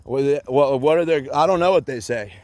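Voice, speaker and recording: A man's voice: medium pitch, normal speed, a little mellow, dry recording. A man in a rambling solo rant, agitated and profane, repeating himself with many fillers and bits of sarcasm.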